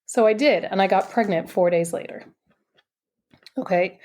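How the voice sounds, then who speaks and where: Woman guest, mid-pitched, animated storyteller, chatty filler-heavy podcast talk. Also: moderate pace. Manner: animated, chatty, full of "like" and "you know". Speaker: podcast guest, intuitive coach. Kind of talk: personal storytelling in a podcast interview.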